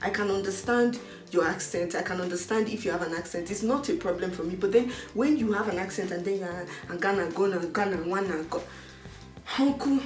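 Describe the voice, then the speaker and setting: A woman with a Nigerian accent, talking in an outspoken, animated way in a casual chat. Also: medium pitch, quick pace. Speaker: host. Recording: echoey room with faint music.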